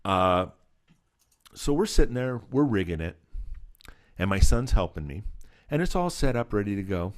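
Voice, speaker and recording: Lively low-voiced man telling stories. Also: normal speed. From Southern California. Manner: animated storyteller, acts out voices, laughs often. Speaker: guest, special effects artist. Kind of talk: casual storytelling interview.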